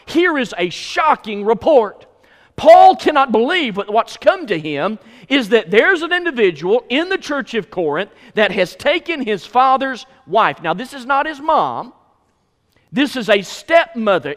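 A man's voice: very high-pitched, big pitch swings, unhurried. A middle-aged man preaching a sermon as pastor, emphatic and repeating phrases for stress in a church. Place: church sanctuary. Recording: hall reverb.

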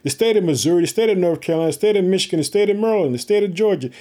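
A man preaching an online sermon, fired up and excited, calling listeners "family" and praising often. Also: high voice, racing. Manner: excited, repeats "family" and "hallelujah", Southern-style "y'all". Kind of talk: online sermon with prayer and Bible reading.

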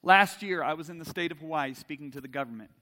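A middle-aged man preaching a sermon, swinging from loud emphasis to soft intimacy and asking the audience direct questions. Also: fairly high pitch, quick pace, big-room sound.

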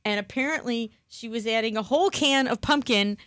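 A woman's voice: fairly high pitch, a little fast, fairly bright tone, no echo, studio quality. A woman co-hosting a talk show, chatting and laughing as she tastes cupcakes with her mouth full. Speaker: co-host. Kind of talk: casual chat while tasting food.

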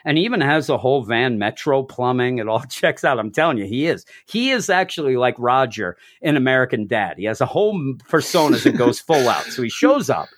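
A man's voice: medium pitch, very animated, brisk, hardly any pauses, no echo. A man hosting a casual chat, retelling a comic story animatedly and acting out the quotes. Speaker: podcast host.

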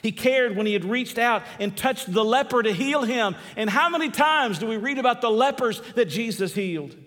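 A man preaching a sermon, moving between hushed and loud emphatic passages and repeating key phrases slowly. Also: very high voice, expressive, in a large hall.

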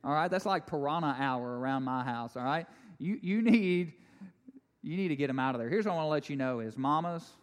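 A man preaching a sermon, animated and conversational, with jokes and asides to the congregation. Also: mid-range voice, quick pace, hardly any pauses, in a large hall. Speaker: pastor.

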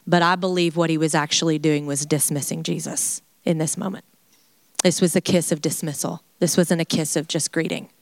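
Animated woman teaching a Bible study. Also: deep voice, a little fast, no echo. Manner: animated and chatty, with laughs and playful asides.

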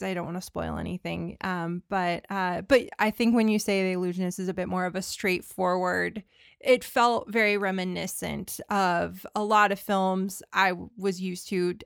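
A woman co-hosts a film podcast with a smooth, resonant voice touched by fry. She talks eagerly, stumbling over repeated starts. The recording is close and dry. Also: fairly low pitch, no room sound. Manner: animated, stammering restarts. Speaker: podcast co-host. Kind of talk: casual film discussion.

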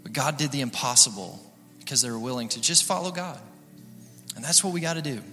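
A man's voice: mid-range voice, fast talker, sharp tone, big-room sound, soft background music. A male pastor preaching an encouraging sermon, rallying the congregation.

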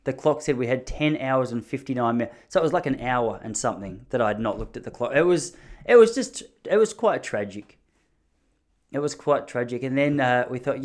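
A man's voice: mid-range voice, lively intonation, a little fast. A man in his thirties telling rambling, joking stories in a casual monologue, often mocking himself.

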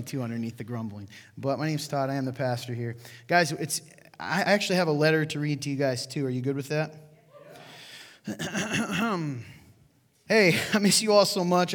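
A man preaching as pastor to his congregation, chatty and joking in asides to the crowd. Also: medium pitch. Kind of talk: sermon to a congregation. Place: church hall. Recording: long hall reverb.

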